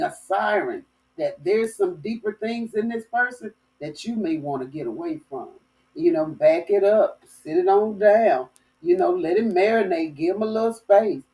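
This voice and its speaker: A woman from Florida telling a lively story as host of a dating advice talk, with folksy phrasing. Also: medium pitch, recorded from a distance, rough recording. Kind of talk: casual storytelling monologue.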